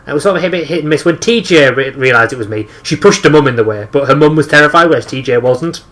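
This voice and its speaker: Young man, Teesside accent, bright voice, slightly high, sweary anecdotes, casual podcast chat. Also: lively intonation, fast. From northeast England. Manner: swears often, tells anecdotes with acted-out quotes. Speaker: podcast co-host.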